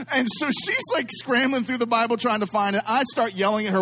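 A man's voice: very high voice, fairly quick. A middle-aged man preaching to a congregation, telling a story full of asides and jokes aimed at the crowd. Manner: animated, self-deprecating, jokes with the audience. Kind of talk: storytelling sermon.

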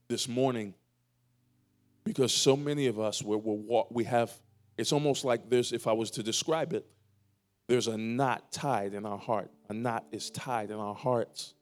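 A man pastor preaches from the stage of a church sanctuary, his voice sitting in an ordinary middle register. He swings between emphatic, louder declarations and hushed, slowed pleas to the congregation. Soft music plays faintly behind him. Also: medium pitch. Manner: preaching with emphatic swells and quiet, drawn-out pleas. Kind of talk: sermon.

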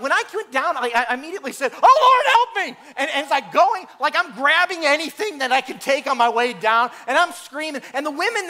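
A middle-aged man preaching a sermon, telling stories in an animated way and laughing through the funny parts. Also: very high voice. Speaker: pastor.

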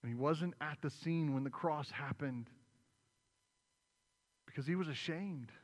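A pastor preaches in a slightly high man's voice, retelling a story with animated asides. Every phrase trails off in a long reverb, as if in a large sanctuary. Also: a little slow. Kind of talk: sermon.

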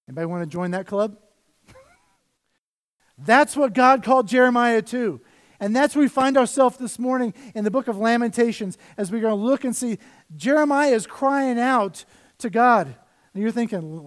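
Male pastor, high voice, casual preaching with loud and soft swings. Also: moderate pace, pauses often. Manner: conversational preaching, rises and drops in volume. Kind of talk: sermon.

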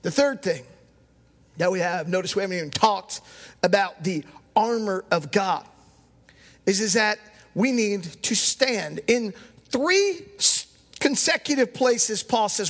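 High-voiced man preaching in a reverberant hall. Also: animated, a little slow. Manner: emphatic preaching, at times shouting. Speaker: pastor. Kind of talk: sermon.

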